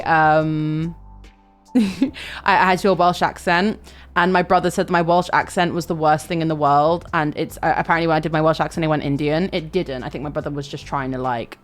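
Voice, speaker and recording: A young woman chatting casually on a livestream, swearing freely and reading chat aloud. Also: lowish voice.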